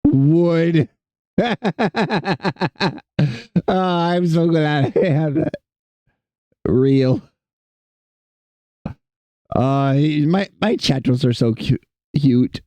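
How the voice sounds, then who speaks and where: A man's voice: on the high side, very slow, pauses often, mellow, no echo. A young man streaming while he draws, chatting with viewers in a rambling, self-mocking, jokey way. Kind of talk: casual livestream chat while drawing.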